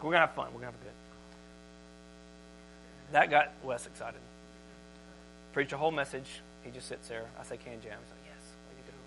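A man preaching a sermon as pastor, shifting from conversational talk to loud, emphatic scripture reading. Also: mid-range voice, vocal fry, noisy background.

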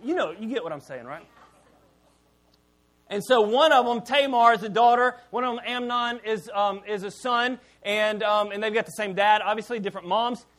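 Middle-aged male preacher, high voice, chatty sermon delivery, candid asides, quiet for emphasis. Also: moderate pace. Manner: conversational preaching, dropping low and quiet for emphasis; candid, self-deprecating asides. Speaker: pastor.

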